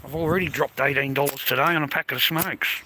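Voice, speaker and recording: A man's voice: mid-range voice, steady tone, quick pace, noisy background. A man with an Australian accent, talking to his phone in a loose, rambling way while out walking, swearing freely and calling listeners mate and bro. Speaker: vlogger. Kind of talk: rambling casual monologue to camera.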